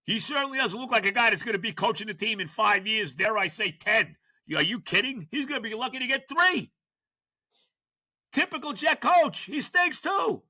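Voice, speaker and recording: An older man hosting a sports podcast, ranting in exasperation with stammered restarts, jumping from shouts to low grumbles. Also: animated, normal speed. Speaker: podcast host. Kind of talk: sports rant.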